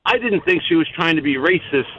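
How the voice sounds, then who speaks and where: A man's voice: a little high, expressive, a little fast, bright, forceful tone. A man calling into a radio show and telling a pun in a sing-song way. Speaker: caller. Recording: muffled phone-in with faint hiss.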